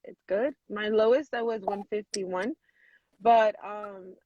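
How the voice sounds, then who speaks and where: A woman in her thirties telling a personal story on a video call, animated and full of "like", acting out what people said. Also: mid-range voice, slow pace, no room sound. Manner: animated, many "like" fillers, acts out quotes. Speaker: guest. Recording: dull lo-fi video call audio.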